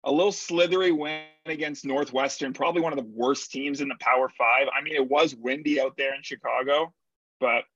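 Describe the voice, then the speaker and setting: A man's voice: mid-range voice, a bit bright, no room sound, dull audio. Young man casually reeling off picks. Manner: confident, rattles off picks and betting lines. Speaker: podcast co-host. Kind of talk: casual sports chat.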